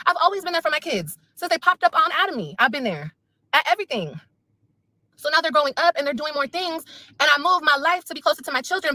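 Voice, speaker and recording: Woman, high voice, rapid talk, venting and repetitive, bright tense tone, dry close sound. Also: dry recording. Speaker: mother speaking on a livestream. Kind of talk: emotional livestream rant.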